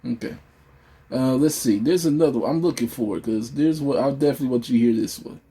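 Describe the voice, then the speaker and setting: Husky-voiced man reading out comments. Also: mid-range voice, mellow. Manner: reads quotes slowly and emphatically. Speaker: podcast co-host.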